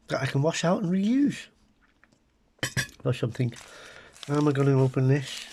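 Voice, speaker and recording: A man's voice: fairly high pitch, slight background noise. Chatty British man doing wry taste tests. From Britain. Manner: chatty, wry, muttering asides to viewers. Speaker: food vlogger. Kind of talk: casual comic taste-test chat to camera.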